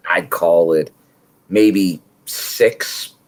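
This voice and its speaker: Low-voiced man giving rambling analysis. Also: very slow. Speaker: podcast co-host. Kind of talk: casual wrestling review chat.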